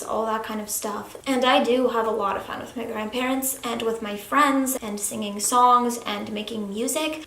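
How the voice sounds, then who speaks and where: A young woman vlogger talking earnestly to camera in a room of a family house, soft-spoken and sometimes dropping to a hushed whisper. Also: on the high side, vocal fry. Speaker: YouTube vlogger. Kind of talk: confessional talk to camera. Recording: echoey room, faint background noise.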